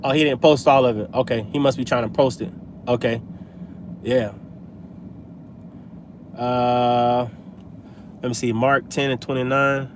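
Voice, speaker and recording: A religious vlogger with a fairly high voice preaches casually, street-style, while driving, peppering his talk with "man" and "hey." Slight background noise can be heard.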